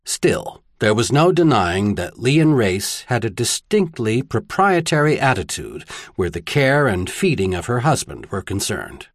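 Casting: male audiobook narrator, husky tone, lively pitch, dry close studio sound. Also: unhurried, hardly any pauses, no room sound. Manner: expressive storytelling. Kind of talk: scripted narration.

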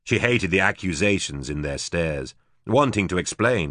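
A man narrating an audiobook in a steady, even storytelling manner. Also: low-pitched, normal speed, dry recording, studio quality.

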